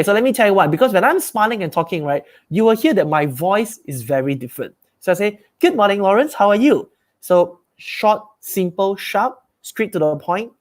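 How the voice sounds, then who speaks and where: A man, giving a live sales training talk as a coach. He is upbeat and emphatic and repeats his key phrases. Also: sits high.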